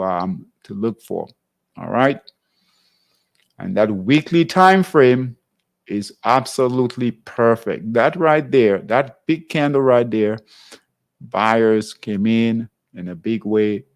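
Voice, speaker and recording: A man with a lowish, slightly mellow voice leads a live trading class. He walks viewers through charts in a conversational style, frequently pausing to ask "all right?"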